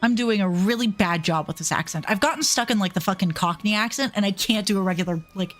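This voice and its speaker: A woman's voice: mid-range voice, quick pace, faint music behind. A woman streamer chatting casually while she plays, self-deprecating and swearing freely. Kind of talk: casual gameplay chat.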